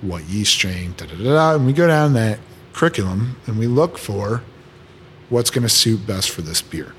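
A man, a brewer, chatting casually in a podcast conversation, relaxed and thinking aloud as he explains how he works. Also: fairly low pitch, moderate pace. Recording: faint background noise.

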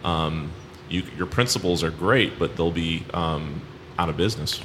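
Deep-voiced man hosting a chatty podcast. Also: moderate pace, fairly bright tone. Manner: conversational, many fillers, leading questions. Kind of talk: casual podcast conversation. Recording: faint background noise.

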